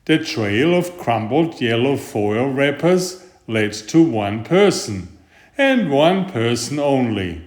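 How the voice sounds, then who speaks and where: Slow, animated man reading a children's story. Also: mid-range voice. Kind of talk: children's story read-aloud. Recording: roomy echo.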